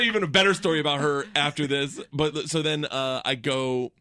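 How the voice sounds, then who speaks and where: Guy in his 30s rambling through a story, laughs a lot, bright voice, dry close sound. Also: a little fast, no room sound. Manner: rambling, self-deprecating, laughs a lot, drops into low deadpan voices for quoted people. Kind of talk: casual storytelling chat.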